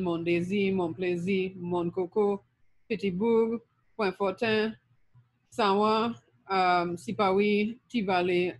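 A middle-aged woman from Trinidad with a Trinidadian accent, giving a recorded linguistics lecture and listing terms steadily with frequent ums. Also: medium pitch.

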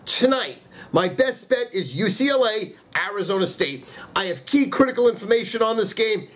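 Brief: loud, foul-mouthed New handicapper, very high-pitched man, rant then hard sell. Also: big pitch swings, moderate pace. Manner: loud, profane, ranting. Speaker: sports handicapper. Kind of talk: profane comedic rant and sales pitch.

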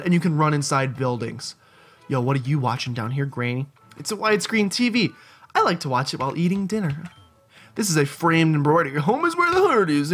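A man's voice: fairly high pitch, a bit bright. A man hosting a let's play, chatting casually, joking and thinking aloud as he plays. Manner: chatty, jokey, thinks aloud and reacts to the game. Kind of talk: casual gameplay commentary. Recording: faint background game music.

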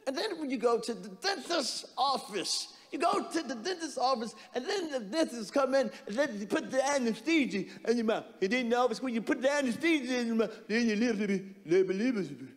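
A man voicing a rambling older male comedian who mumbles slowly and chuckles, in an echoey hall. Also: very high voice, expressive, voice pushed up.

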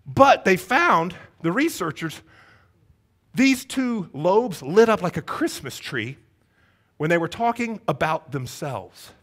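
A man's voice: high-pitched, sing-song, slow, fairly bright tone. A man pastor preaching a sermon, asking the congregation one rhetorical question after another. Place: church sanctuary.

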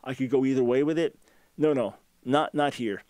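Male talk host, mid-range pitch, emphatic scholarly explainer, dry close recording. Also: normal speed, a little mellow, no echo. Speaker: radio talk show host. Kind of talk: answering a listener's question.

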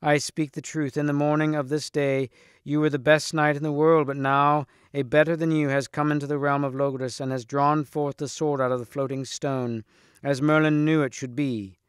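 A man's voice: a little high, level tone, moderate pace, smooth, no echo, clean studio sound, lightly acted. A man voicing a weeping young damsel who speaks in a pleading, sorrowful way for a storybook reading. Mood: grieving. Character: tearful young damsel on horseback.

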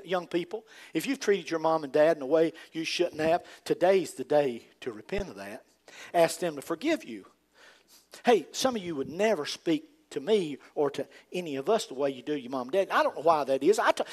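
An older man with a Southern accent from North Carolina preaching a fervent sermon, swinging from loud emphatic rises to quiet asides. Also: high-pitched. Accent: Southern American. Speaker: pastor.

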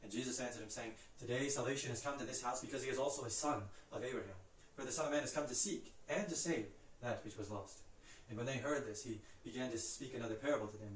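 A man reciting Bible passages from memory in a brisk, steady way, lifting his voice for the quoted cries. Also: mid-range voice, roomy sound, far from the mic, a little hiss or hum, poor audio. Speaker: Scripture reciter.

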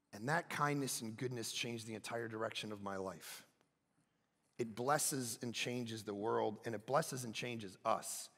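A middle-aged male pastor, preaching a sermon with animated storytelling and loud bursts of self-mocking humor. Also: medium pitch, vocal fry. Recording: reverberant hall.

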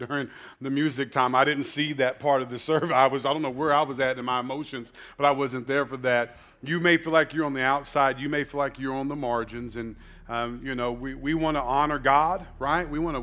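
A man's voice: mid-range voice, fairly bright tone. A man pastor speaking casually to his congregation, joking with fillers as he moves into the service. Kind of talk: church announcements. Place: church sanctuary.

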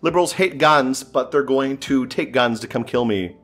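A man's voice: medium pitch, normal speed, a bit bright, soft background music. A man giving casual, joking commentary while playing a strategy game, thinking aloud and sounding exasperated. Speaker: gameplay streamer.

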